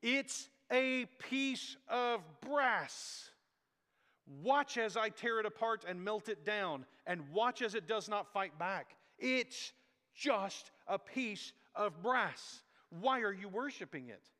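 A man's voice: sits high, pushed and bright, pitched above the performer's own voice, exaggerated voice. A preacher doing an indignant ancient king, raised and emphatic. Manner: raised, emphatic, drawn-out words. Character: indignant ancient king scolding idol worshippers. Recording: long echoey hall reverb.

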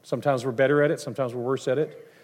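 A middle-aged man, a pastor, preaching a sermon in a conversational, animated way, with asides and acted-out quotes. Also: mid-range voice, very fast. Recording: long hall reverb.

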